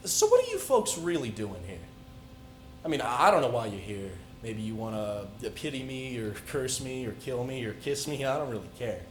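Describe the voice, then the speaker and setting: A teenage student performing a dramatic monologue as a calm but unhinged male serial killer on death row, confiding softly one moment and shouting in a frenzy the next. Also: medium pitch, normal speed, reverberant, slight background noise, close to an everyday voice. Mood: cold, menacing. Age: teens. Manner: soft, confiding menace breaking into frenzied shouting. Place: school auditorium stage.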